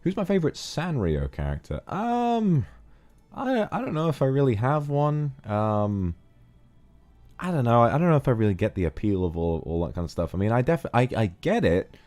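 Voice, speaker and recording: A man's voice: mid-range voice, a little fast. A man with a British accent chatting casually on a stream, reading donations, rambling and laughing often. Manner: relaxed, rambling, laughs often, hums to himself.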